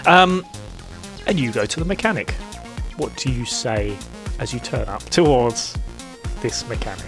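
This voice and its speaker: A man's voice: mid-range voice, lively intonation, measured pace, music in the background. A man narrating as game master in a hesitant way, laughing often.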